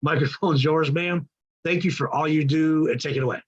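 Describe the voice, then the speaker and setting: A man hosting an online training call who warmly introduces the next speaker. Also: on the high side, steady tone, moderate pace, lo-fi sound, a little hiss or hum. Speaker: host introducing a guest. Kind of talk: enthusiastic introduction.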